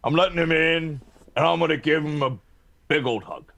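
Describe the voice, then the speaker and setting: Gravelly, husky man joking at a game table. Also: normal speed, a bit bright. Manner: joking, theatrical, swoops in pitch. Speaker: player.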